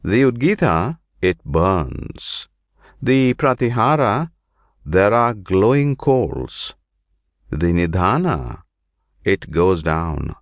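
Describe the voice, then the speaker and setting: A man reading an ancient scripture aloud in slow, measured, deliberate phrases. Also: low voice, sing-song, dry recording. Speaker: reader.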